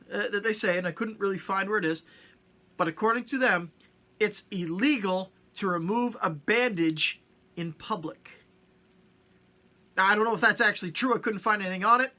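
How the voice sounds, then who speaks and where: Man vlogger, high voice, very bright tone, jokey mock-stern delivery, from canada. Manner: jokey, mock-stern, acts out little scenes. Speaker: vlogger host. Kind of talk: casual comedic vlog monologue.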